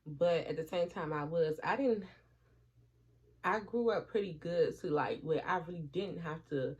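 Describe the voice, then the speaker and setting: A woman vlogger with a low, slightly rough voice talks at a measured pace while doing her hair at home, telling a story in a casual chat. She swears freely and animatedly acts out what her friends said. The audio is dull and lo-fi.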